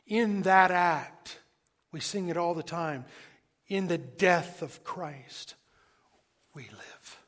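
A man preaching a sermon, emphatic and questioning the listeners, swinging between loud stresses and hushed lines. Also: high-pitched, slow, pauses often. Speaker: pastor.

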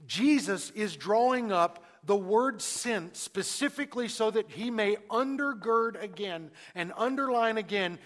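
A man preaching a sermon, who asks the congregation questions and uses dramatic pauses, moving between loud emphasis and near-hushed lines. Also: sits high, lively intonation, big-room sound. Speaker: pastor.

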